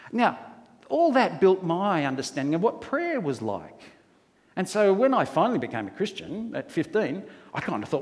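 A man's voice: on the high side, big pitch swings, normal speed, big-room sound. A man preaching a sermon, telling folksy stories and asking rhetorical questions. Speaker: pastor.

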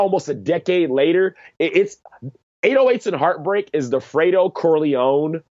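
A man in casual chat who talks with animated emphasis and acts out quotes in excited bursts. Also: a little high, a little fast, no room sound. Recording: dry, slightly dull lo-fi sound.

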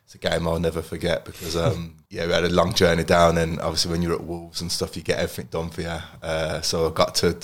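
A man in his thirties from Birmingham, a podcast guest telling relaxed stories and laughing often. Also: low-pitched, fast, hardly any pauses. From Birmingham, England. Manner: relaxed storytelling, laughing often, trailing off quietly. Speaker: podcast guest, former footballer. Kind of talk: casual chat.

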